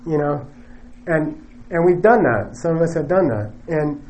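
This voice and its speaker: A man's voice: a little high, lively intonation, unhurried, darkish tone, poor audio. A man teaching Buddhist philosophy in a lecture, joking and laughing often and ending points with "okay?". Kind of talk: classroom dharma lecture.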